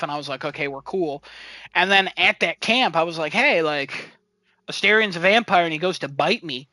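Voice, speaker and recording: Animated young man with a bright, high voice. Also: no echo, rough recording. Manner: animated, laughs often, acts out quotes. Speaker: podcast co-host. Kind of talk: casual chat, storytelling about a game.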